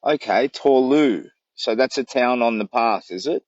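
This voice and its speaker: A man's voice: medium pitch, measured pace, no echo, muffled recording. Australian man telling stories from his bush camp. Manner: rambling, warm storytelling with laughs. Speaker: charity walker livestreaming. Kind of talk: casual livestream chat. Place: camped outdoors in the bush. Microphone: phone livestream.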